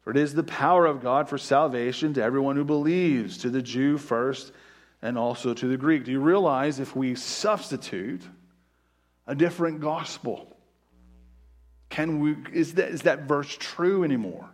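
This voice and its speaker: A man preaching a sermon as pastor, stressing key words by slowing down and dropping frequent "right?" asides. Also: mid-range voice.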